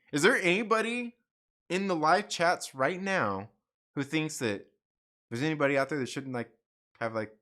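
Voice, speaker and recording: A man's voice: mid-range voice, fairly bright tone. A man hosting a live stream, ranting casually and rambling with lots of fillers, frequent laughs and swearing. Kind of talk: casual opinion rant.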